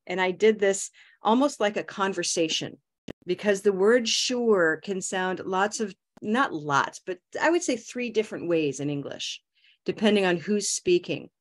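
A woman teaching English pronunciation on a video call, modeling words slowly and repeating them. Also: medium pitch. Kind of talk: online pronunciation lesson.

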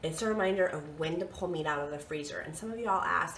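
A young woman with a lilt talks through her kitchen in a relaxed, rambling way, filling pauses with ums. Her voice sits on the low side and sounds a bit nasal from a coming cold. The room is echoey, and steady household noise hums behind her. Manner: chatty, self-correcting, lots of ums. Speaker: vlogger. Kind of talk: casual home vlog walkthrough. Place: home kitchen and basement.

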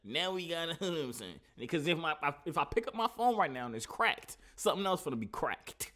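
Animated slangy man reacting to a clip. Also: a little high, fairly quick, few pauses, slight background noise. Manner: slangy, animated, mocking, repeats "you know what I'm saying". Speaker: reaction video host. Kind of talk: casual reaction commentary.

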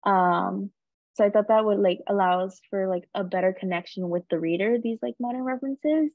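A woman's voice: mid-range voice, normal speed, dry recording. A young woman student speaking in class, hesitant and filling her speech with ums and likes. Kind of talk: class discussion. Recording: dull lo-fi, dry sound.

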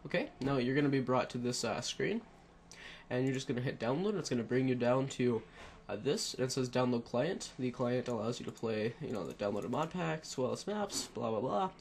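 Brisk and expressive, with vocal fry, a mid-range male voice talks through a computer tutorial on a headset. He's the narrator of this casual screen recording, rambling with lots of fillers and self-corrections amid slight background noise.

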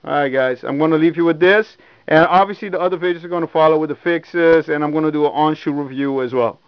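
A young man reviewing sneakers in a casual, excited vlog, swearing often and repeating himself, recorded at home. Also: on the high side, fast talker, clean tone, dry recording, lo-fi sound. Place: indoors at home.

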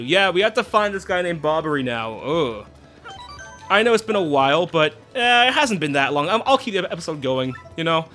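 Brief: casual let's-play host man, lively rambling talk, bright tone, faint game music. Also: a little high, normal speed. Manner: rambling, self-correcting, chatty. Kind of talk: casual gameplay commentary. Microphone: desktop mic.

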